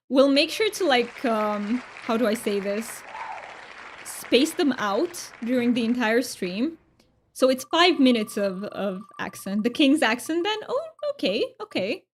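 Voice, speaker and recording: A woman's voice: a little high, animated, takes it slowly. A woman from Romania streaming a game, chatting with her viewers in a bubbly, giggly way. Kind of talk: casual live-stream chat.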